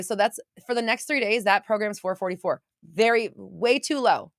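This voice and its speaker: A young woman hosting a mindset livestream, gushing and excitable as she chats to viewers and swears casually. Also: medium pitch, normal speed, hardly any pauses, no echo, studio quality.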